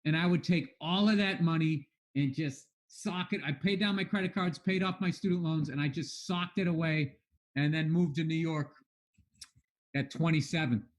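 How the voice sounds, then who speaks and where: A man in his thirties, a guest comedian in a casual chat, candid and animated, swearing a lot. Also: fairly high pitch, moderate pace.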